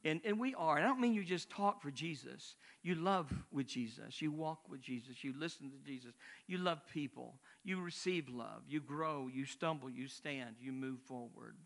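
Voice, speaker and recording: A man's voice: fairly high pitch, normal speed, creaky, a bit bright. Older man preaching, chatty and rambling. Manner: conversational, rambling with asides. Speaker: missionary preacher. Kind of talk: sermon.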